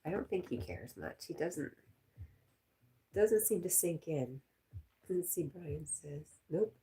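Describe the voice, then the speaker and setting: A woman's voice: deep voice, lively intonation, slow pace, dark tone. A woman hosting a casual live stream, reading viewer comments aloud and chatting with a laugh.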